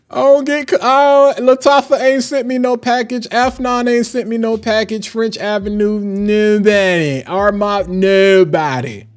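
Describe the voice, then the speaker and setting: Brief: high-pitched male fragrance reviewer, energetic slangy live-stream talk, faint music behind. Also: unhurried. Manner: animated and emphatic, slangy. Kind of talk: casual live-stream chat.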